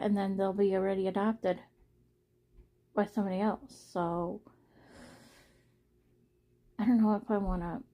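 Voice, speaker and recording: A woman's voice: medium pitch, mellow. A young woman talking casually to her viewers in a personal vlog, rambling and earnest, often repeating herself. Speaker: vlogger.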